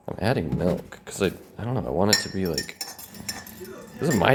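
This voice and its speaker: A man casually commenting on his own card game, animated and self-mocking. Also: deep voice, brisk, soft background music. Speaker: host, card game player.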